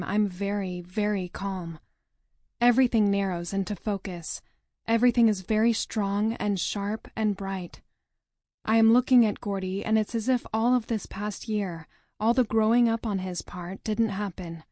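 A woman narrating a novel in the first person, with a measured, dramatic reading. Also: medium pitch, mellow, no room sound, studio quality. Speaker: audiobook narrator.

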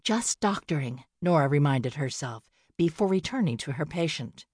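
Audiobook narrator: woman, lowish husky voice, measured reading, dry close mic. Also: dry recording. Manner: steady, measured storytelling. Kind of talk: scripted narration.

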